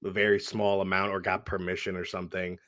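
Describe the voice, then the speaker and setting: Male podcast co-host, low-pitched, laid-back storyteller; dry, close sound. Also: completely flat delivery, fast talker, a bit bright, no echo. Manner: easygoing, recounting scenes with laughs. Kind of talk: casual movie-review chat.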